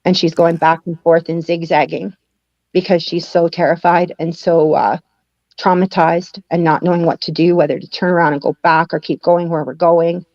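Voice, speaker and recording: A woman recounts her past as an interview guest, voicing the people in her story. Her voice sits low, and it comes over a dry, dull, lo-fi recording. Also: little pitch movement, normal speed, darkish tone, dry recording. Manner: acts out quoted dialogue, laughing at times. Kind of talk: personal storytelling in a conversation.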